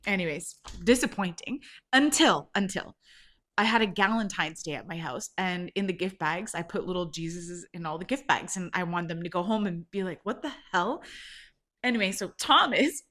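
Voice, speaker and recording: A woman's voice: mid-range voice, a bit bright. A woman hosting her own podcast, telling a rambling prank story in a casual way, laughing and swearing as she goes. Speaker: podcast host.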